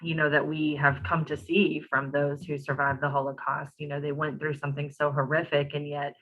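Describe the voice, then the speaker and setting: A woman's voice: sits low, level tone, normal speed, a bit bright, low-quality recording. A woman hosting an online talk, reading out audience questions in a conversational way with many fillers. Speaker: host, moderator.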